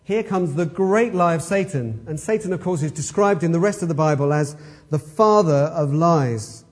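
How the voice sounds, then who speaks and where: A man's voice: on the high side, moderate pace. A man preaching an expository sermon, emphatic and fond of rhetorical questions.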